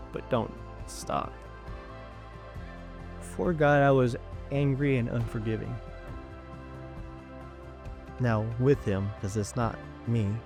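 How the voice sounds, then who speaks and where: A man giving a personal faith testimony, earnest and storytelling, acting out the voices of people he quotes. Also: on the low side. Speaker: testimony speaker.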